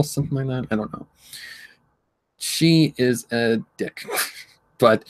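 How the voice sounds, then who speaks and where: A man hosting a relaxed livestream at a middle pitch, rambling through his thoughts and swearing freely. He reads viewer messages aloud and hums while he scrolls. The sound is dry and close, with no room echo. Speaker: livestream host. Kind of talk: casual livestream chat.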